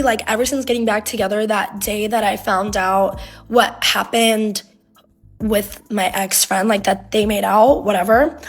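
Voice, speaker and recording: A young woman telling a personal story in a casual, rambling way, dropping "like" constantly as she relives the drama. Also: on the high side. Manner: rambling, heavy use of "like", emotional retelling.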